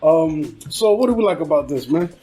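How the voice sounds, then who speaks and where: A man's voice: a little high, expressive, moderate pace, warm tone, a little hiss or hum, low-quality recording. Laid-back man hosting a film podcast. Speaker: podcast host. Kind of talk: casual chat.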